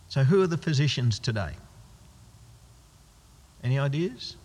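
Animated man preaching in echoey hall. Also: medium pitch, measured pace, pauses often. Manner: emphatic, rhetorical questions answered himself. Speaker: pastor. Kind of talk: sermon. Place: church. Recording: long church hall reverb.

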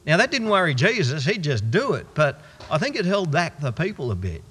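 A man's voice: fairly high pitch, sing-song, fairly quick, fairly bright tone, slightly rough, full character voice. Man playing an amazed Australian follower. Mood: wondering. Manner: folksy, conversational storytelling. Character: plain-spoken male follower of Jesus, amazed. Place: church. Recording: long church reverb.

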